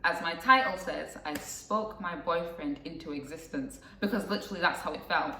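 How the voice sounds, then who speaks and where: A woman's voice: fairly low pitch, moderate pace, sharp tone, echoey room, recorded from a distance. A young woman telling a personal story to camera in a casual, rambling way, with lots of fillers and asides. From England. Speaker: vlogger.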